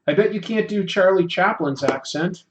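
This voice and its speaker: A man's voice: high-pitched, normal speed, muffled recording, slight background noise. A man hosting a casual livestream, reading chat aloud and joking about himself while he draws. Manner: reads chat aloud, self-deprecating and joking. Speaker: livestream host.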